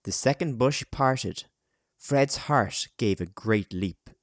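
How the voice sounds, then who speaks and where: A man narrating an audiobook chapter in a measured, dramatic storytelling manner. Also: medium pitch, no room sound, studio quality.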